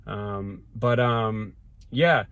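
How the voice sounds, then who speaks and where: Sitting behind the wheel, a vlogger talks extremely slowly through a long personal tale, rambling and starting over but always emphatic. His fairly low voice sounds bright and clean through the phone, with no room sound and the highs cut off.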